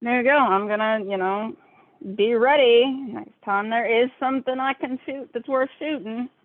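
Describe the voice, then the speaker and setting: A woman's voice: a little high, normal speed, no room sound. A woman playing a tabletop game, speaking casually about her next turn. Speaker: player. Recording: tinny phone-like audio.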